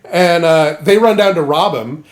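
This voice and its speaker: A man co-hosting a comedy podcast, retelling a story with lively jokes and goofy voices. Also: fairly high pitch, unhurried. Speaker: podcast co-host. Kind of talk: comedic casual chat.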